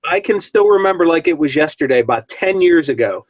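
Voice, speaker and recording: A man in a casual beer-tasting chat, telling stories in a lively way, heard over dull, dry online call audio. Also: on the high side, a little fast, no echo.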